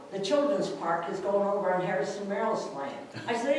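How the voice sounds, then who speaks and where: An older woman makes her case to a city council, emphatic and lively as she acts out the neighbors' remarks. Her voice sits in a middle range. It echoes heavily around the meeting room, heard from a distant mic over a faint hum. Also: mid-range voice, moderate pace, hardly any pauses. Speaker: resident speaking at public comment. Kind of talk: impassioned public comment.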